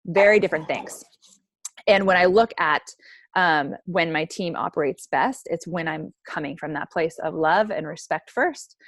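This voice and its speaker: A woman's voice: low voice, no room sound. A woman in her thirties coaching her team on a call, talking in a casual, chatty way with lots of "like" and "right?".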